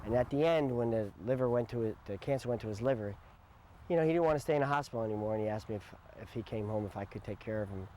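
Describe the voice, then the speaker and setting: An older man speaks in a documentary interview, his voice low and dark. He tells his story with emotion, swinging between loud bursts and hushed asides. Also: racing, a little hiss or hum.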